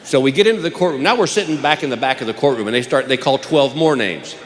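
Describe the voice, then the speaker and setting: A man's voice: mid-range voice, expressive, fast. A man performing a stand-up comedy routine, telling a story and acting out the people in it. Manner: storytelling, acting out courtroom characters. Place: large theater stage. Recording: live show, long hall reverb, audience noise. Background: audience laughter.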